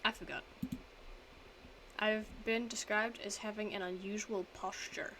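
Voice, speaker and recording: Bright-voiced young woman streamer, chatty. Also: medium pitch, fairly even intonation, unhurried, slight background noise, rough recording. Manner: rambling, self-mocking, trails off and restarts. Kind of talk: casual chat, reading quiz statements aloud.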